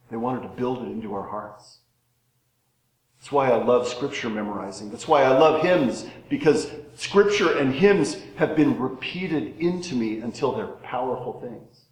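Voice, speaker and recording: A middle-aged male pastor preaching a sermon, swinging between loud rising questions and soft, low, drawn-out words with dramatic pauses. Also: reverberant, rough recording.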